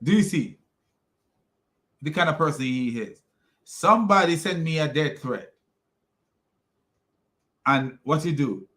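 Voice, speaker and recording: A man with a foreign accent delivers mocking reaction commentary on video clips. His voice is bright and fairly high, and he laughs often as he scoffs. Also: expressive, slow, long pauses. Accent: non-native English. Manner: scornful, frequent laughter.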